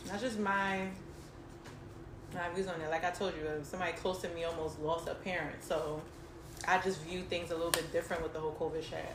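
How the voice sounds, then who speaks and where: A woman's voice: on the low side, steady tone, fairly quick. A young woman co-hosting a podcast, talking in a casual, candid way, swearing freely and laughing often. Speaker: podcast co-host. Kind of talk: casual chat. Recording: roomy echo with faint noise.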